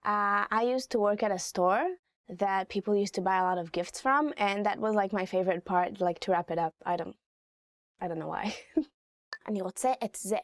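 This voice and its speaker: A woman gives a relaxed language lesson at a medium pitch. She talks in a chatty way and drops in personal asides between the phrases. Her voice sounds dry and close, with little room sound. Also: normal speed, no room sound. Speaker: Hebrew teacher.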